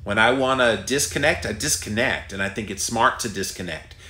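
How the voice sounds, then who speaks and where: A middle-aged podcast host with a Southern US drawl answers listener questions in a candid, folksy way, often pausing on "uh" and "um." His voice sits a little low. It is bright and pushed forward, and it echoes around a live room. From Southern United States. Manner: folksy, candid, thinks aloud with fillers.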